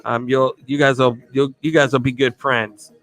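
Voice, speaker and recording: A man hosting a live stream, giving rambling, enthusiastic shout-outs to viewers. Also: mid-range voice, little pitch movement, moderate pace. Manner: enthusiastic, rambling, repeats himself. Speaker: livestream host. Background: faint music.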